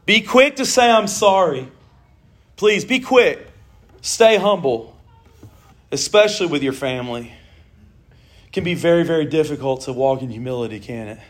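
A middle-aged man preaching a casual, animated sermon, joking and talking to his listeners like friends. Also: fairly high pitch, normal speed, long pauses. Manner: animated, jokey, conversational with laughs and asides.

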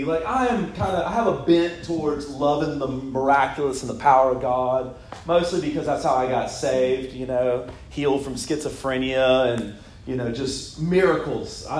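A man preaching a sermon in a relaxed, conversational way, telling personal stories and often breaking into laughter. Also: fairly high pitch. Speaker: pastor. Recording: echoey room.

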